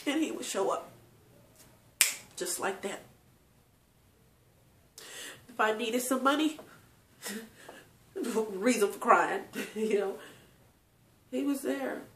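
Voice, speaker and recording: A woman's voice: on the high side, lively intonation, slow, long pauses. Tearful woman telling family stories. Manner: tearful, laughing often, talks to viewers. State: crying at times. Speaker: channel host. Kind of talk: emotional personal storytelling. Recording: echoey room.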